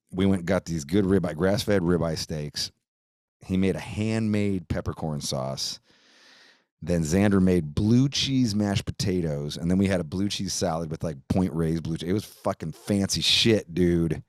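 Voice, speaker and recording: A man's voice: deep voice, a little mellow, no room sound, clean studio sound. A middle-aged man, hosting a podcast and telling a long casual story, rambling and profane, saying "dude" and "like" a lot. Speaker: podcast host.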